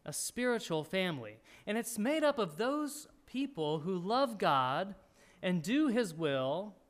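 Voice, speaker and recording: A male pastor preaching a sermon with a high, lively voice that swings up and down as he teaches. He reads scripture aloud and stops now and then to clear his throat. His delivery is expressive and earnest. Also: measured pace.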